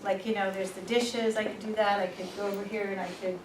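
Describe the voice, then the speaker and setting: A woman presenting a workshop, telling personal stories in a lively, informal way and laughing at herself. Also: medium pitch, quick pace. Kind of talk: personal storytelling in a workshop talk. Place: workshop room. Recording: echoey room, far from the mic, noisy.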